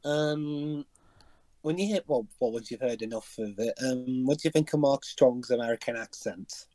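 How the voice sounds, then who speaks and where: A man's voice: mid-range voice, normal speed, dark tone, no echo. A man co-hosting a casual movie commentary, playful and fond of mock-announcer flourishes. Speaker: podcast co-host.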